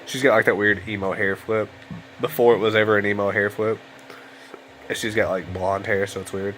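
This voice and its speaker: Late at night at his home computer, a young let's play host gives casual, rambling gameplay commentary, sounding tired and yawning. His lowish voice stays level, a bit bright and a little fast, over a rough recording with slight hiss or hum.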